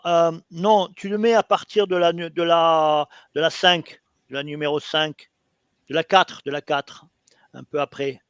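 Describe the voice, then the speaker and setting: A French man, speaking English as a second language with a French accent, hosting an interview in a halting way full of fillers. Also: on the high side, no echo, lo-fi sound. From France. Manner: halting, with many fillers, hesitations and laughs. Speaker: interview host.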